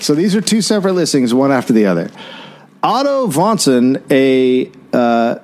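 A man's voice: medium pitch, big pitch swings, normal speed, a little mellow. A man hosting a comedy podcast, reading an old newspaper aloud drily with asides. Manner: dry reading, stumbles on hard words.

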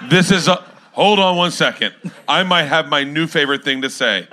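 A man guesting on a live comedy podcast, loud, laughing and swearing in excited banter. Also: on the high side, normal speed, slight background noise.

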